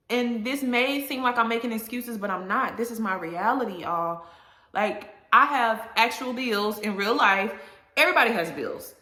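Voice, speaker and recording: A woman's voice: mid-range voice, bright, forceful tone. Candid woman vlogging in an echoey room. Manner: candid, emotional, talks straight to viewers. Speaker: vlogger and content creator. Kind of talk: candid casual vlog talk.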